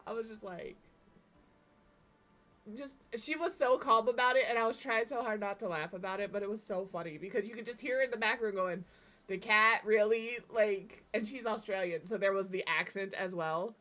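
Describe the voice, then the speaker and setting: A woman streaming as she builds in a game, talking in a relaxed, chatty way and giggling through her stories. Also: mid-range voice, a little fast. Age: adult parent. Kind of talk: casual chat while building in a game.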